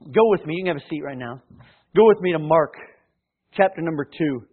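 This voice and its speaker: A man preaching a sermon, reading scripture and telling a Bible story with animated acted voices. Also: fairly high pitch, brisk, slightly rough. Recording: tinny phone-like sound.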